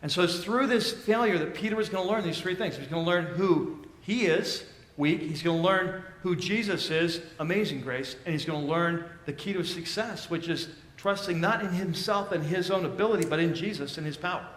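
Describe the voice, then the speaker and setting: A pastor preaching a sermon in a church, telling the story conversationally with bursts of excitement and hushed, emphatic drops. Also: male voice, sits high, a little fast, reverberant. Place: church auditorium.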